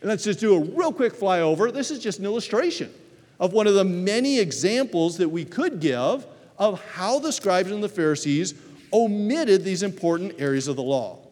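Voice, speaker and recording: A man preaching a sermon, telling stories with animated delivery and acting out quoted voices. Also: high-pitched, normal speed. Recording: reverberant hall.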